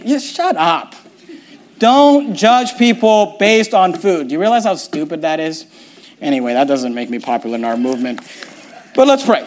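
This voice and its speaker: A man's voice: high-pitched, sing-song, normal speed. A man preaching a sermon as pastor, emphatic and mocking in turns, often repeating his words. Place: church.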